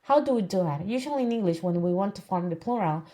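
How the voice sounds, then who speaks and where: A woman's voice: medium pitch, expressive, fast, warm tone. A woman giving an online lesson, patiently repeating words and checking in with "okay?". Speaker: Spanish teacher.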